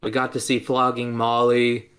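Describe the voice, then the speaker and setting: A man's voice: medium pitch, completely flat delivery, moderate pace, a bit bright. A man co-hosting a podcast, chatting casually and enthusiastically, often repeating himself. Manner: enthusiastic, repetitive. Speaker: podcast co-host. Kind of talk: casual chat.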